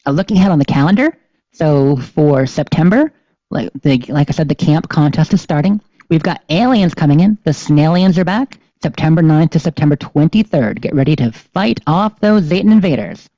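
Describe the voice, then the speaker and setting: A rambling, chatty podcast co-host with a mellow, darker tone, full of ums and little laughs. Dry, slightly dull recording from a home streaming setup. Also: mid-range voice, lively intonation, normal speed, no echo. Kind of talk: casual podcast chat.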